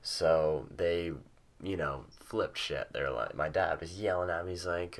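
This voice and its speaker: Deep-voiced teenage guy, casual vlog storyteller, rambly and sweary, lots of fillers. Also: moderate pace. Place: at home with a cat nearby.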